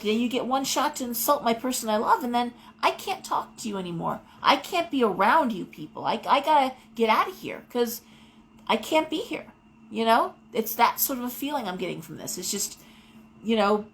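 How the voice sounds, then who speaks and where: A woman's voice: fairly high pitch, big pitch swings, normal speed, gravelly, slight background noise, poor audio. A middle-aged woman hosting a live tarot show, talking casually and wandering off into personal stories. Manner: rambling, digressive storytelling. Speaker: tarot reader host.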